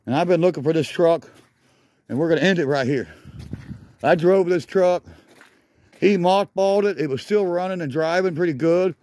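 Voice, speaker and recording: Walking a junkyard outdoors with a camera, this male vlogger gives casual commentary, excitedly naming vehicles while slightly breathless. His fairly high, mellow voice moves at a normal speed, and he pauses often.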